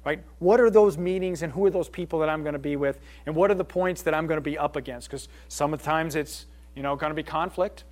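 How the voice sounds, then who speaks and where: A man's voice: on the high side, fast talker, few pauses, darkish tone. A middle-aged man speaking earnestly to a group, taking questions in a loose, conversational way and often checking in with his listeners. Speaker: speaker leading a group session. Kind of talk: informal talk with audience questions.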